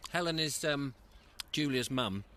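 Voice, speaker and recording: An Englishman with a bright, clear voice hosts a casual live stream at an outdoor allotment, chatting easily and reading viewers' comments aloud between bites. A lapel mic picks him up, with a faint outdoor hiss and ambience behind. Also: medium pitch, expressive, measured pace. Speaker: host.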